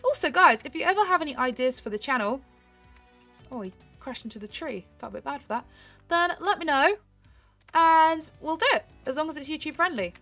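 A young woman chatting excitedly to her viewers while she plays a horse game, giggling often. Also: high voice, fairly quick, no room sound, faint music behind. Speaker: gaming YouTuber. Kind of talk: casual gameplay commentary.

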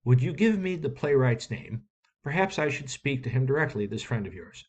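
A man's voice: medium pitch, big pitch swings, normal speed, a little mellow. A man reading aloud, voicing a brash male theatrical promoter from the New World with a drawling, hearty, informal manner.

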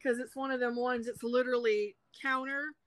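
A woman's voice: on the high side, steady tone, moderate pace, fairly bright tone, no room sound, rough recording. A woman in her thirties with a Southern US accent, chatting bluntly and casually on a livestream while crocheting. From South Carolina, US. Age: 30s. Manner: blunt, frank, swears freely. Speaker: livestream host.

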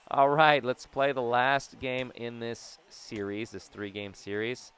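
Excitable young man narrating a ballgame. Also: medium pitch, measured pace, hardly any pauses, clean tone. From Southern California. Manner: excitable, jokey, bursts into yelps and shouts. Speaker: gaming YouTuber. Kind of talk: casual gameplay commentary.

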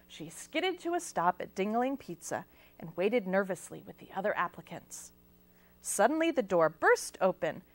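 A woman reads a picture book aloud at library storytime, her fairly high voice rising and falling with lively expression. The sound is close and dry with no room echo. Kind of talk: children's storytime read-aloud.

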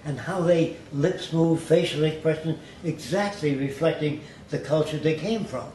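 An older man with a dark-toned voice that sits on the high side talks at a moderate pace. His storytelling is blunt and chatty, drawn from his life, and he puts on accents when repeating what other people said. The audio has a roomy quality and a slight hiss underneath.

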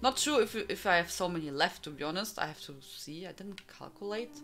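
A woman's voice: lowish voice, expressive, a little fast, a bit bright. A woman from Germany with a strong German accent, chatting casually on a live stream, greeting viewers by name and laughing often.

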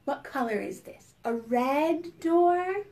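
A woman's voice: high-pitched, animated, takes it slowly, a little mellow. A woman librarian leading a preschool storytime, playful and sing-song, gasping and making animal sounds for the children.

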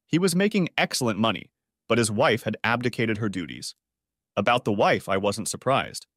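A man reading a first-person story aloud in a dramatic, expressive way. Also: on the low side, moderate pace, no room sound, studio quality. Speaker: story narrator.

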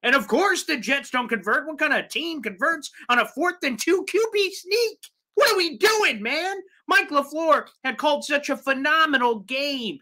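A man hosting a live sports fan show, ranting with exasperation, swinging between loud outbursts and low mutters. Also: lively intonation, normal speed, few pauses. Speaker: sports podcast host.

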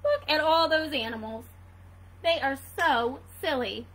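A woman's voice: sits high, a little slow, fairly bright tone, poor audio. A woman reading a picture book aloud to children, asking playful questions about the pictures. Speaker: reader for children.

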